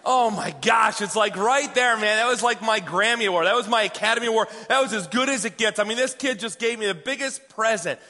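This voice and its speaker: A man in his thirties preaching a sermon, telling a personal story with hushed and excited swings. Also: sits high, fast talker, few pauses. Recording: long hall reverb.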